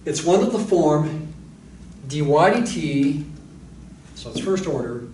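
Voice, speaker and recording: A man's voice: a little high, lively intonation, slow pace, a little mellow, recorded from a distance, a little hiss or hum. A man lecturing on mathematics, explaining step by step and thinking aloud with asides. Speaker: math lecturer. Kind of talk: recorded university lecture. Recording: echoey room, voice a little off-mic.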